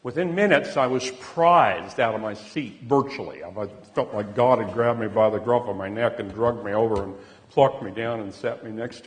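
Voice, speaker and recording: An older man telling a personal story in an earnest, halting way, often repeating words as he goes. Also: fairly low pitch, big-room sound. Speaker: speaker giving a personal testimony.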